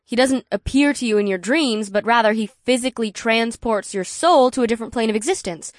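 A woman voicing a sharp, practical bespectacled female researcher who explains things quickly. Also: fairly high pitch, no room sound, clean studio sound, natural voice. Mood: excited.

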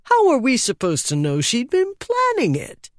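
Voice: mid-range voice, huge pitch swings, moderate pace, no echo, studio quality, pitched above the performer's own voice. A narrator voicing a lanky, nervous young male sailor who pleads and grumbles in a raised voice. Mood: pleading. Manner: pleading, whiny.

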